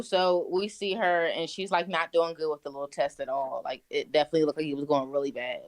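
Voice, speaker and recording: A woman's voice: low voice, fast. A young woman telling wild stories in casual, profane chat, laughing as she goes. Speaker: guest. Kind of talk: casual storytelling.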